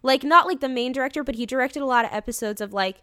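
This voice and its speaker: A woman's voice: high voice, fast, sharp tone, clean tone, no echo, clean studio sound. A woman co-hosting a podcast in casual chat, rambling with lots of fillers and casual swearing. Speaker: podcast co-host.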